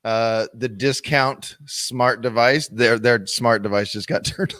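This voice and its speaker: A man's voice: mid-range voice, slow, fairly bright tone, no room sound. A man co-hosting a live real estate show, joking casually and laughing between words. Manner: joking, laughs mid-sentence. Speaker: podcast co-host, realtor.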